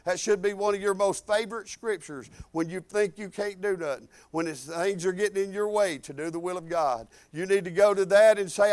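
An older pastor preaches in a rambling, fervent way, full of restarts and hallelujahs. His voice sits high for a man. The sound is dry and close, with little room in it. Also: fairly even intonation, a little fast, hardly any pauses, no room sound. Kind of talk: sermon.

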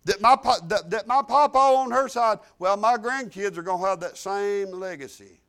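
An older man with a drawl preaching, his voice sitting unusually high for a man. He spins homespun stories, dropping into quiet asides and then rising into loud, emphatic declarations. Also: moderate pace, clear, resonant tone. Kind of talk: sermon.

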